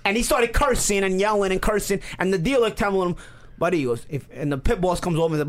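New guy, fast and high-pitched, swearing through a wild story. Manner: animated, profane, acts out quotes. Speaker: podcast co-host. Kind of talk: casual storytelling.

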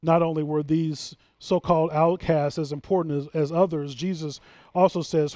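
Pastor, male, mid-high voice, dry close sound, emphatic sermon delivery with restarts. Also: little pitch movement, normal speed, a little mellow, dry recording. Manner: earnest, emphatic preaching with frequent restarts.

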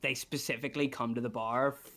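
A young man, a barman chatting as a podcast guest, blunt and quick to laugh. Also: mid-range voice, fairly even intonation, fairly bright tone. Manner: laughing, blunt, acts out customers' voices. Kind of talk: casual chat.

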